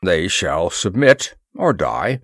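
Man reading a commanding moon king, deep and slow, big swings in the voice, dry close sound. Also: big pitch swings, a bit bright, dry recording, exaggerated voice. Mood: imperious. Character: booming imperious male moon king, grim.

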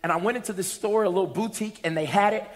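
A man preaching a sermon, telling a story and building up to shouted lines with playful asides to the congregation. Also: sits high, racing. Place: church sanctuary. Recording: long hall reverb.

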